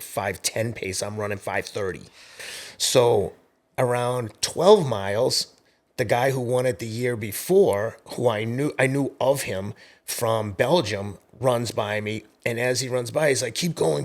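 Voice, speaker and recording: A middle-aged man in his fifties, a podcast guest telling race stories in a casual, animated way. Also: medium pitch, moderate pace. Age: 50s. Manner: animated storyteller, acts out quoted voices. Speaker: podcast guest, marathon runner. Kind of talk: casual storytelling interview.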